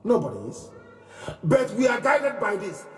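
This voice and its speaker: A man giving an impassioned live speech, repeating phrases in a preaching cadence and moving from loud declarations to low murmurs. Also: huge pitch swings, unhurried, reverberant, in a large hall, recorded from a distance. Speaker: movement leader giving a live broadcast.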